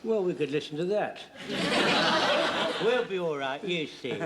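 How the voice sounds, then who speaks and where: An actor playing an excitable older home guard corporal who rambles and trips over his words, in a 1970s sitcom. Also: on the high side, fairly quick, noisy background, lightly acted. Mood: fussy.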